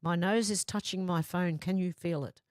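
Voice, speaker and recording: Close to her desk mic, a streamer reads her chat aloud in a laughing, conversational manner. Her voice is on the low side, steady, and at normal speed, a little mellow and clean, in a dry recording.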